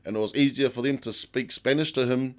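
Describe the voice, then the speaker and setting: A man's voice: mid-range voice, a little fast. A man with a New Zealand accent chatting casually as a podcast guest, swearing and laughing as he tells stories. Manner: casual, swears, laughs often, animated retelling. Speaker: podcast guest, tattoo artist. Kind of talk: casual chat.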